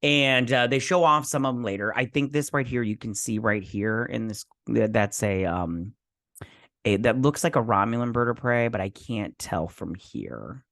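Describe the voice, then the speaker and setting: A man's voice: medium pitch, normal speed, gravelly, fairly bright tone, no echo, clean studio sound. Rambling man recapping an episode. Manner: rambling, hesitant, lots of fillers and restarts; self-deprecating. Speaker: show host reviewing a TV episode.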